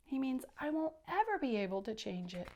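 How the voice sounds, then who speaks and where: A woman's voice: high-pitched, sing-song, normal speed, mellow, highs cut off. A woman reading a picture book aloud to children, explaining the story and prompting them to repeat words and sounds with her.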